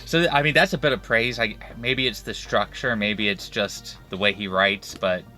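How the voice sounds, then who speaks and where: A man's voice: lowish voice, steady tone, normal speed, sharp tone, soft background music. A man co-hosting a casual book club podcast, stumbling over starts and laughing often. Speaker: podcast co-host.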